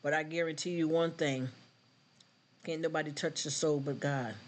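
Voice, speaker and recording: An earnest stream host delivers a preachy, casual faith talk, speaking straight to viewers and responding to live chat. Emotional and choked up, he keeps a steady tone in a voice on the high side at normal speed, with a little hiss or hum in the audio.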